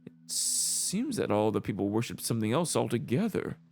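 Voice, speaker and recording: A man voicing a measured male scholar who explains things in a formal way. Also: medium pitch, big pitch swings, a little mellow, a little hiss or hum. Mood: lecturing.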